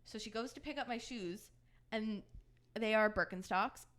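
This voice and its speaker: A woman's voice: fairly high pitch, moderate pace. Woman telling a story, acting out quotes. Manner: animated storyteller who acts out quoted dialogue. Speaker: podcast co-host. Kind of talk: casual storytelling chat.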